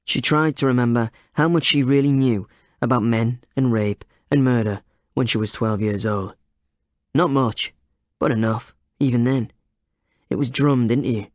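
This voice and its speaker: A man narrating an audiobook in a steady, measured way, close to a studio microphone. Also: medium pitch, dry recording. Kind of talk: scripted narration.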